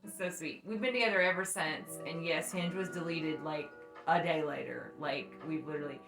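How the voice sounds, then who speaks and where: With a low voice at normal speed, this young woman trades candid, foul-mouthed stories on a podcast she co-hosts, laughing along the way. Faint music plays in the echoey room.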